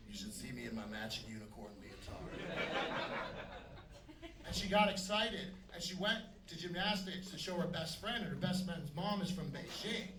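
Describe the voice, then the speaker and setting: High-voiced man doing stand-up in a roomy club. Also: normal speed. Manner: brash, punchy delivery, dark deadpan jokes. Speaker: stand-up comedian. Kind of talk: stand-up set. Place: comedy club stage. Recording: echoey club from a distance with noise. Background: audience laughter.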